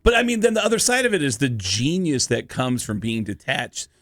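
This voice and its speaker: Casting: comic man spinning yarns, lively pitch, dry studio mic. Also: brisk, no room sound. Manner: animated storyteller, acts out voices. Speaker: stand-up comedian guest. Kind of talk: radio interview storytelling.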